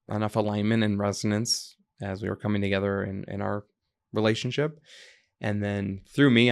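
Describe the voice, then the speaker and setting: A man from the United States speaks as a podcast guest, with a low, gravelly voice. He talks reflectively and drifts into stories. He animates the people he quotes. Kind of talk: conversational interview.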